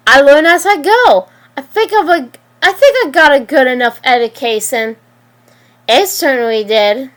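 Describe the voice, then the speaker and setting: A woman reading a story aloud and voicing a cocky young male virus, cold and defiant, with a flat, matter-of-fact delivery and small stumbles. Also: sits high, normal speed. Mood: dismissive.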